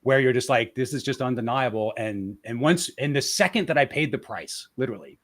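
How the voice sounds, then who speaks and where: In a candid interview conversation, a podcast guest speaks fairly quickly in a mid-range voice. He's reflective and frank, often backing up to repeat words as he tries to find the right way to say it.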